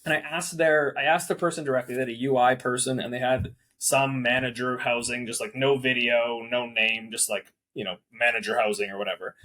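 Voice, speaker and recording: A man speaking as a guest property manager in a casual interview, animated and peppering his talk with "like" in rapid bursts. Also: medium pitch.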